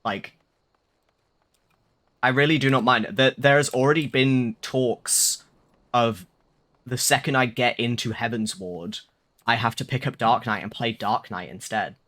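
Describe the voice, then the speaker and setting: A man's voice: medium pitch, unhurried, pauses often, a bit bright. A young man chatting casually on a live stream, rambling and swearing with lots of fillers.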